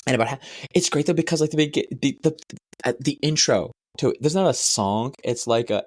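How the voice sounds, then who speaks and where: A young man co-hosting a podcast, telling a long rambling story with plenty of swearing and sudden high-pitched voices. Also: animated, normal speed, a little mellow, no echo. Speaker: podcast co-host. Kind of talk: casual chat.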